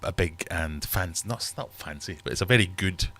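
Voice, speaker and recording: A British man in his thirties hosts a relaxed livestream from his home fish room. His voice sits very low, and he rambles good-naturedly, cracking jokes as he reads viewers' comments aloud. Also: normal speed. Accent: British English. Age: 30s. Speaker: livestream host. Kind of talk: casual livestream chat.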